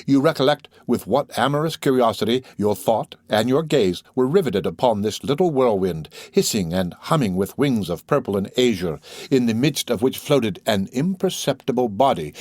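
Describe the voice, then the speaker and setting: Man narrating a classic novel, measured. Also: medium pitch, expressive, darkish tone, no room sound, clean studio sound. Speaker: audiobook narrator.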